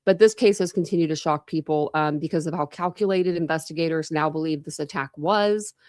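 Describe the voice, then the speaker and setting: A woman hosting a casual true crime livestream, rambling through the case with fillers, restarts and lots of "you know". Her voice sits a little low. The sound is dry and close, with no room echo. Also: fairly quick, a little mellow. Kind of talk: casual live-stream case rundown. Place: home room with pets.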